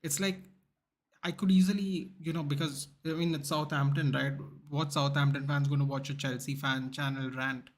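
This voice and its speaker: A man chats through a live football watchalong, his voice sitting slightly higher than most men's. He rambles along with loose, opinionated talk and keeps calling people "dude". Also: level tone, normal speed. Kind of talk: casual livestream chat.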